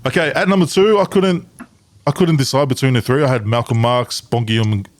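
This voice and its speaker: A man's voice: medium pitch, brisk, slight background noise. A man hosting a casual rugby chat, laid-back and saying "mate" constantly. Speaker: podcast host.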